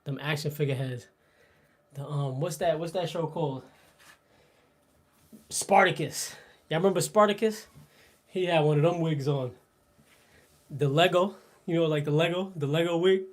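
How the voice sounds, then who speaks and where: A man's voice: a little high, normal speed, pauses often. A man hosting a live workout stream, joking and rambling with his chat between exercises, laughing often and trailing off mid-sentence. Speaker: fitness livestream host. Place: indoors at a home workout spot.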